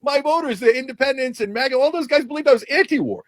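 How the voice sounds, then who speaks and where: A man's voice: extremely high pitch, fast, no room sound, studio quality, pitched above the performer's own voice. A man putting on a sarcastic, mocking impression of a smug, boastful male politician.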